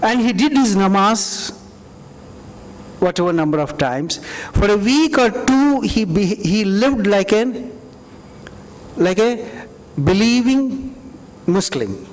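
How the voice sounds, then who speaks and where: A man's voice: high-pitched, expressive, slow. A man giving a university lecture, reflective and conversational, often saying "you know". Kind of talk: university lecture with audience questions. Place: lecture hall. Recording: reverberant hall.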